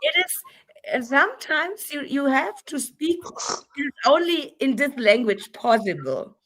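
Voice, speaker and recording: A woman from Germany with a German accent, speaking English as a second language in casual chat, halting and often restarting while she searches for words. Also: high voice, sing-song, a bit bright, rough recording.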